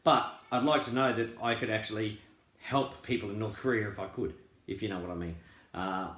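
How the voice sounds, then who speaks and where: Rambling earnest man in a roomy echo. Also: on the low side. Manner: rambling, earnest, many fillers and restarts. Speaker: crypto group founder. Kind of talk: casual promotional talk.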